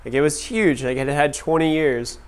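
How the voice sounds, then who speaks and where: Smooth-voiced man telling stories in class. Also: fairly high pitch, a little fast. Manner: casual, many "like" fillers, laughing at own stories. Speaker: class teacher. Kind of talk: storytelling talk to a class.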